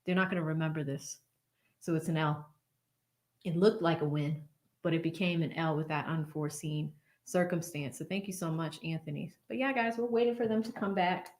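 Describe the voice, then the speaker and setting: In a low, slightly mellow voice with fairly even intonation, a woman talks a little fast as she hosts a casual livestream. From her blue-backlit home studio she reads superchats, laughs often, and thanks viewers by name.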